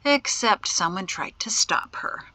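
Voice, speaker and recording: A woman's voice: mid-range voice, expressive, a little slow, sharp tone, no echo, in a whisper. A woman narrating an audiobook expressively, voicing each character. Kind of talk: scripted narration.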